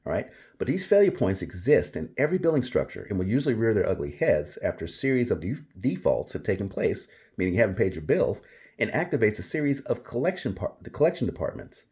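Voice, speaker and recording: Man, host, low voice, very expressive pitch, emphatic, casual monologue. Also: fast. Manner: animated, emphatic, repeats key points.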